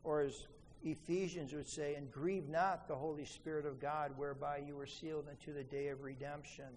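A man preaching a sermon as pastor, emphatic, rising to pleading peaks and dropping to quiet asides. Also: high voice. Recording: faint room ambience with long hall reverb.

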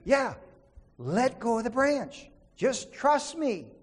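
A man voicing God as a calm, patient figure who gently tells a frightened man what to do. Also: very high voice, slow pace, big-room sound, voice pushed up, full character voice. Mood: steady. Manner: soothing, gently commanding.

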